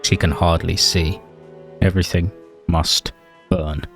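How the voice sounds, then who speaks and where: A man with a low, deep voice tells the story of his game in a dry, mock-tragic way. Soft music plays faintly behind him. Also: flat delivery, slow pace, creaky. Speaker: let's play host. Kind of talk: comedic game narration.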